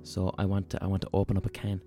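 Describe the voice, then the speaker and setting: A man hosts a podcast in relaxed, casual conversation. He rambles with a jokey, irreverent manner. Faint music sits under his voice. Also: low-pitched, fast talker. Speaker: podcast host.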